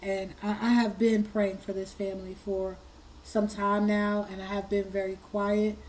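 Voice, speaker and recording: Hoarse, choked-up woman host. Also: mid-range voice, little pitch movement, moderate pace, darkish tone, a little hiss or hum, low-quality recording. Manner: earnest, choked up, repeats herself. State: hoarse, fighting tears. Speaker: commentary channel host. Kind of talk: emotional commentary.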